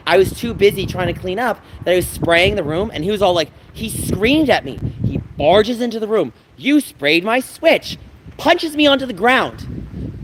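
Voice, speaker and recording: A man's voice: high voice, background noise. A man livestreaming to his viewers, telling an agitated, rambling story and repeating himself as he vents. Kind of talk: livestream chat, ranting to viewers.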